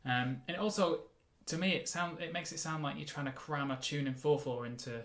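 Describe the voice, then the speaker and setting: A man teaching a mandolin lesson, explaining in a relaxed way and counting the beats aloud. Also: on the high side, brisk. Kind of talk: casual music lesson. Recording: roomy sound with mandolin playing.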